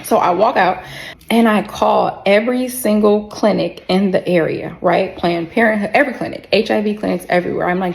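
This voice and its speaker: A woman tells her own story to camera in a casual storytime vlog, with a gravelly, creaky edge on her voice. She is candid and expressive, swears freely and talks straight to her viewers. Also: medium pitch, brisk.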